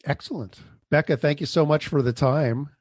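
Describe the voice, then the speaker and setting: A man's voice: fairly high pitch, moderate pace, a little mellow, dry recording, clean studio sound. A man hosting a podcast, chatting casually with a guest and reading the outro, rambling with fillers. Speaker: podcast host. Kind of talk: casual interview chat and show outro.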